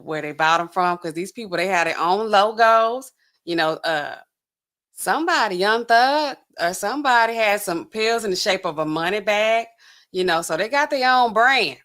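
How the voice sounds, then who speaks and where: Woman, young adult, livestream host, casual reaction chat, talks to viewers, frequent laughs, sharp bright tone. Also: medium pitch. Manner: chatty, addresses viewers directly, laughs often. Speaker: pharmacist host.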